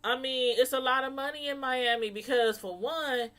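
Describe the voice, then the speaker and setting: A woman casually reviewing a reality show episode, gossiping in an animated way. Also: high voice, normal speed. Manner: animated, gossipy, laughing asides.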